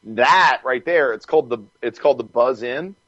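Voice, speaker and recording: A man guest on a podcast, telling stories in a casual, animated way, swearing freely and laughing as he goes. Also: mid-range voice, normal speed, dry recording, lo-fi sound. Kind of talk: casual storytelling.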